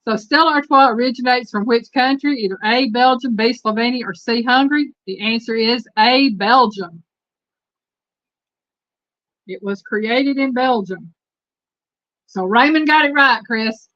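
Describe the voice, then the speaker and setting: A woman's voice: a little high, unhurried, long pauses, a bit bright, dry recording, lo-fi sound. A woman with a Southern Texas accent hosting a live stream, chatting casually and reading trivia questions aloud to her viewers. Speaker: host.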